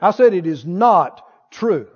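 High, lively preacher in echoing hall. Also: male voice, slow pace, slightly rough. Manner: emphatic, asks the crowd for replies. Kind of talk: sermon. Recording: dull lo-fi sound in a reverberant hall.

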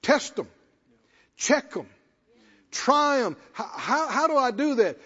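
Man, pastor, sermon, high husky voice, echoing church hall, muffled recording. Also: very animated, takes it slowly, long pauses, fairly bright tone. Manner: emphatic, repeats phrases for stress, asks the congregation questions. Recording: dull lo-fi sound with long hall reverb.

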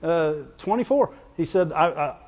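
A man preaching a sermon, lively and emphatic, climbing high when he voices God. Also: normal speed, in a large hall, highs cut off.

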